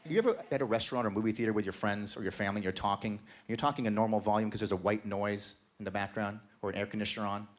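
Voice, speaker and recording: A man's voice: lowish voice, steady tone, very fast, hardly any pauses. A man doing a stand-up comedy set, telling crude rambling stories and talking to the crowd. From Canada. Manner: rambling storyteller, crude jokes, talks to the crowd. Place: comedy club stage with live audience.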